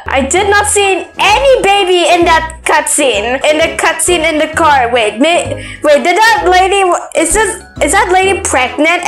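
Woman gamer, high voice, unhurried commentary, excitable, squeals, roomy echoey sound, faint music behind. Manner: excitable, squeals and scolds the game baby. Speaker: let's play gamer. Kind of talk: casual gameplay commentary. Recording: roomy echo.

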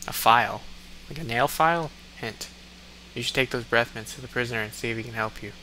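A man's voice: medium pitch, a little fast, bright, forceful tone, faint music behind. A man doing let's play commentary, reading game commands aloud and laughing often in amusement. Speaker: gamer.

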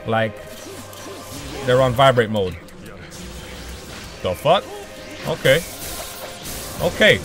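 A young man commentating his own online match with excitable, profane trash talk. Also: mid-range voice, slow, long pauses, over music. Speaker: gaming channel host. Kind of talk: live gameplay commentary.

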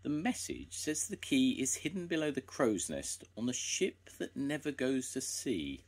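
A man's voice: mid-range voice, sing-song, measured pace, breathy edge, pitched above the performer's own voice, exaggerated voice. An older man voicing a polite, curious young boy bear in a storybook reading. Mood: thoughtful.

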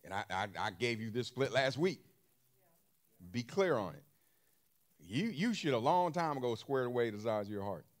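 A male pastor delivering a sermon with features. His pitch rises and falls in big swings as he presses each point, repeating words and asking the congregation questions. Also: big pitch swings, normal speed, long pauses. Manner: emphatic, repeats phrases, asks the congregation questions.

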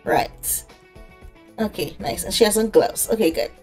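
A woman's voice: medium pitch, a little slow, darkish tone, faint music behind. A woman giving casual let's-play commentary, chatting away and talking to the game characters. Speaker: gaming creator.

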